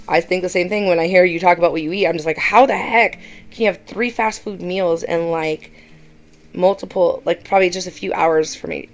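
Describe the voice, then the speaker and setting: Blunt, gravelly woman doing reaction commentary. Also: lowish voice. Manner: blunt and exasperated, mimicking others. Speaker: commentary YouTuber.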